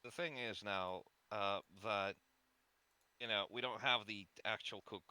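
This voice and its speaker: A man playing in a tabletop game, joking and animated. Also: lowish voice, measured pace, clear, resonant tone, no room sound. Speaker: player. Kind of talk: casual tabletop play.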